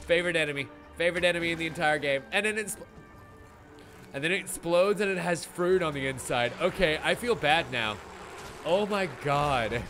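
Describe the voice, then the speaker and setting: A man commentating a live game stream, excitable and gushing, with frequent swearing. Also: fairly high pitch, normal speed. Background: game music.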